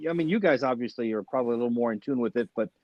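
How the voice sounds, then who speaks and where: A man's voice: mid-range voice, racing, no echo. A comedian rambles through a story in casual chat, full of fillers and restarts. His voice sounds dull and very dry. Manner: rambling, with many fillers and restarts, often backchanneling. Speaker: comedian guest.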